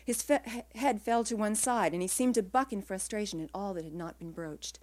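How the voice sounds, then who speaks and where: A woman writer reading her own literary prose aloud in a quiet, measured way, her phrases trailing off softly. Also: medium pitch.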